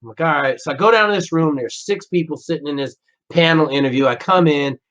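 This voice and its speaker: A man's voice: a little high, quick pace. Blunt, profane man telling war stories. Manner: blunt, profane, animated retelling of dialogue. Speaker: podcast guest, former Navy SEAL. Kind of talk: casual storytelling interview. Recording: slightly dull lo-fi podcast audio.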